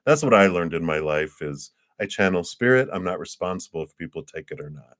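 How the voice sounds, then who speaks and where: A man's voice: deep voice, a little fast, no room sound, clean studio sound. A man giving a casual live tarot reading, chatty, laughing often and acting out the people he describes. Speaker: tarot reader.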